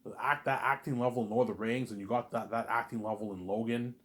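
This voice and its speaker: A man rambling in a casual monologue, animated and repetitive, arguing with an imagined listener. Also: mid-range voice, fast talker. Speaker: vlogger.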